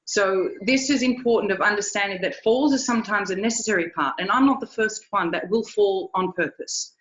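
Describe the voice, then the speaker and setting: A woman's voice: mid-range voice, fairly quick, fairly bright tone. Lo-fi echoey woman telling a story. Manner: earnest, repeats words as she tells a story. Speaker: riding instructor. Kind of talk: storytelling in a recorded interview. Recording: echoey, dull lo-fi sound.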